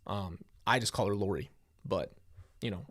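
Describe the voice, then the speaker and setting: A man's voice: on the low side, moderate pace, a bit bright. A man hosting a casual reaction commentary, chatty and prone to tangents. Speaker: host.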